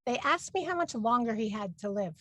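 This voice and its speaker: Animated high-voiced woman comic. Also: fairly quick, dry recording. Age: 40s. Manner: brash, punchy delivery with exaggerated voices for parents. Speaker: stand-up comedian. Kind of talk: stand-up comedy set.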